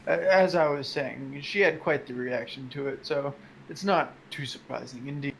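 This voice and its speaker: Gravelly-voiced male player. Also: mid-range voice, moderate pace, a bit bright, slight background noise. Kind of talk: tabletop game play.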